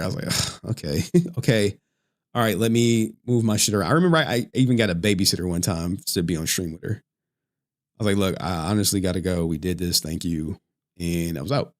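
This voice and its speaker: A man hosting a livestream, chatting casually with plenty of profanity and frequent laughter. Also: deep voice. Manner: joking, profane, laughs often. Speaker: livestream host.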